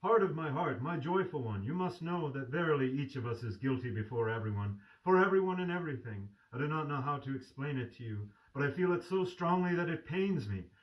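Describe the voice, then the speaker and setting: A man's voice: on the high side, animated, fairly quick, few pauses, muffled recording, pitched above the performer's own voice, lightly acted. A man reading aloud and voicing a tender, fervent young man who is dying, speaking in a pleading way. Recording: distant mic.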